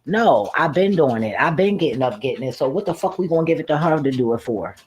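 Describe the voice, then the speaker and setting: Husky man telling a profane story. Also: a little high, fast, low-quality recording. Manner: profane, laughing, blunt and animated retelling. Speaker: livestream host. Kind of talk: casual storytelling to a live audience.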